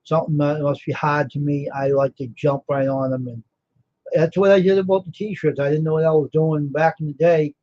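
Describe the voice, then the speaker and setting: A man's voice: on the high side, fairly even intonation, moderate pace, mellow, highs cut off. A tired man hosting a casual livestream, rambling about his screen printing work and talking to viewers by name in a self-assured way. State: tired and yawning.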